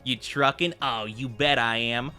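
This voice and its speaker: A man's voice: mid-range voice, fairly even intonation, measured pace, pushed and bright, clean tone. A man streaming as a VTuber, chatting playfully with his viewers and laughing easily. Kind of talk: casual live-stream chat with viewers.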